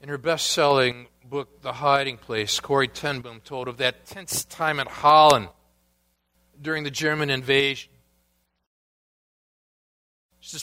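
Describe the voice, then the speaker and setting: Male pastor, sermon delivery, bright tone, unhurried pace. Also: medium pitch, steady tone, clean tone. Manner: preaching, questions to the congregation, swings from loud to hushed.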